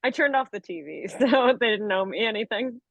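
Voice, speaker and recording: A woman's voice: fairly high pitch, animated, moderate pace, vocal fry, dry recording. Laid-back woman on dull lo-fi audio. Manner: laid-back, short replies. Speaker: co-host. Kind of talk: casual chat.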